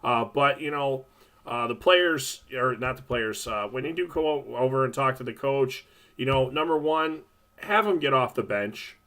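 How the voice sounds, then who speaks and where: Direct, matter-of-fact referee co-host. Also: male voice, mid-range voice, animated, normal speed, fairly bright tone. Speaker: podcast co-host, hockey referee. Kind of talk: casual advice chat.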